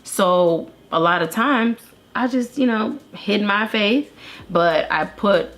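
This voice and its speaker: A woman's voice: medium pitch, slow, a bit bright. A woman in her thirties, an interview guest earnestly telling her own story with many restarts. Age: 30s. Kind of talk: candid personal testimony.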